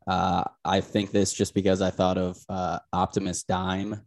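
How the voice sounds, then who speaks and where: A man co-hosting a podcast, talking casually with halting speech and many uhs. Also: low voice, completely flat delivery, gravelly. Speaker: podcast co-host. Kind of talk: casual crude comedy chat.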